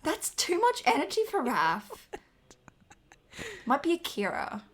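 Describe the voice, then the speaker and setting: A woman's voice: high voice, wildly swooping pitch, unhurried, over a noisy crowd. A woman co-hosting a podcast in casual chat, talkative, swearing freely and laughing often. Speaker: podcast co-host.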